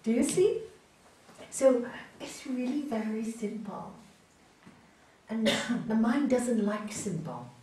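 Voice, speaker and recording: A woman's voice: fairly high pitch, sing-song, slow pace, pauses often, distant mic. Echoey woman teaching spiritual lessons. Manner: gentle, emphatic, acts out voices in stories. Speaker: raja yoga teacher. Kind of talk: spiritual teaching talk with storytelling. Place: hall. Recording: echoey hall, voice from off-mic.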